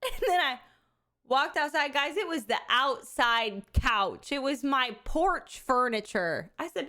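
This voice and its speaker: A woman live streamer talking with her chat in a relaxed, unscripted way. Her voice sits a little on the high side, and she is animated and candid, laughing often and swearing without a second thought. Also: measured pace. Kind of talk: casual chat with viewers.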